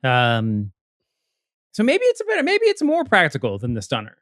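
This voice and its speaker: A man co-hosting a podcast chats casually, rambling, cutting himself off and using lots of fillers. His voice is fairly high and fairly bright with wildly swooping pitch at a moderate pace, in a dry, studio-quality recording.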